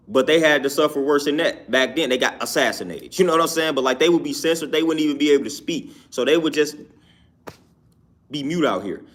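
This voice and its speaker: A man talking through his opinions on his own YouTube show, emphatic and repetitive, often asking "you know what I'm saying". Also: fairly high pitch. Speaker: YouTube commentator. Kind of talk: casual opinion talk.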